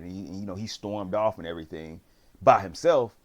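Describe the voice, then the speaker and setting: A man's voice: fairly low pitch, fairly quick. A man casually recapping a TV series, rambling in slang and acting out what the characters say. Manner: slangy, rambling storyteller who acts out quotes. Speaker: drama reviewer.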